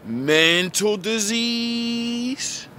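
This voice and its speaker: A man delivering a profane, preachy ranting monologue that lectures the listener, repeats catchphrases and bursts into shouting. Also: sits high, lively intonation, drawn-out words, a little hiss or hum. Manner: repeats catchphrases and "yous" address. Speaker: online preacher-style commentator.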